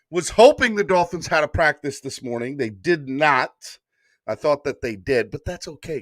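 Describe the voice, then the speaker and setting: A man's voice: fairly high pitch, fairly bright tone, dry recording, studio quality. A man hosting a live-streamed sports morning show, hyped and repeating calls to like and subscribe. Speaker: sports podcast host.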